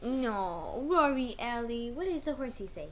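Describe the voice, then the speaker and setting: A woman's voice: on the high side, sing-song, a little slow. A woman in a home video coaxing a toddler with sing-song baby talk and repeated questions. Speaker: family member coaching a toddler.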